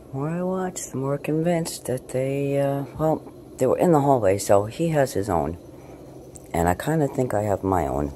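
Low-voiced woman cooing at her cat. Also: animated, moderate pace, mellow, slight background noise. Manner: swings between low murmurs and cooing talk to her cat. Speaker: vlogger. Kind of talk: casual night-time video diary. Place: her apartment at night.

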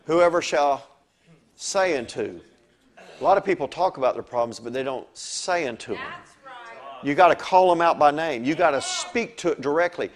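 Animated, fairly high-voiced male preacher. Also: moderate pace. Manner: animated storytelling, swings from soft to loud. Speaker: pastor. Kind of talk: sermon.

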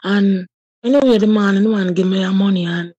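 A woman in her thirties with a Jamaican accent speaks in a husky, mellow voice. She tells a personal story with deep feeling, slipping into patois. The sound is dry and close. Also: brisk, no room sound, dull audio. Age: 30s. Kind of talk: personal testimony.

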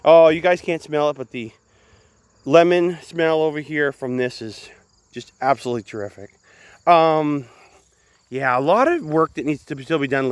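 A man's voice: mid-range voice, dry recording. A man giving a casual, chatty walk-through of his garden outdoors, often calling the viewers guys. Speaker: gardening vlogger.

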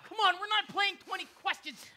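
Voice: extremely high pitch, brisk, heavy background noise. A performer acting as a sarcastic, bossy thought living inside a patient's head on a live stage. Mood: sarcastic, panicky.

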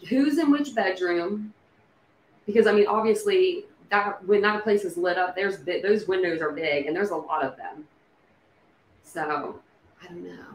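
Rambling woman chatting on a livestream. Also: mid-range voice. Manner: rambling, speculative, many fillers and restarts. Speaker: true crime livestream host. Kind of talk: casual livestream chat. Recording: echoey room with faint background noise.

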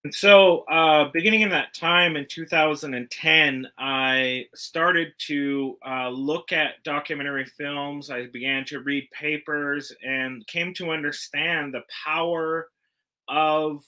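Canadian guy giving a gallery talk, super bright voice, lots of uhs. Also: on the high side, steady tone. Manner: earnest, measured, frequent "uh" fillers. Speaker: guest curator. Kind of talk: virtual curator's talk.

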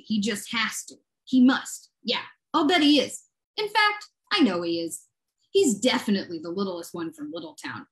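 A woman poet performs a reading of her own work in a high, sing-song voice. She coos in baby talk, then drops into low, muttered, profane asides. Her pitch swings widely from line to line. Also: a bit bright. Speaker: guest poet.

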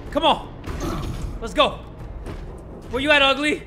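Man, horror let's play commentary, jokey, swearing, loud music behind. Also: very high voice, unhurried, pauses often. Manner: excitable, screams and yells at jumpscares. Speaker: gaming YouTuber.

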